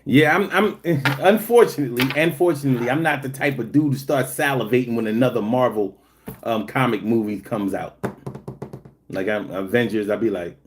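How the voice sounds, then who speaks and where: A man's voice: moderate pace, a little hiss or hum. A man hosting a casual livestream, reading chat and telling joking, profane stories. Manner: animated, swings high when telling stories.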